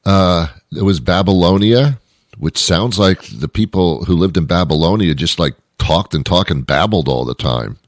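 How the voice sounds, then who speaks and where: Man, host, very low voice, dry close sound, comic monologue, rambling with wry asides. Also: normal speed, no echo. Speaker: show host. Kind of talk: comedic monologue.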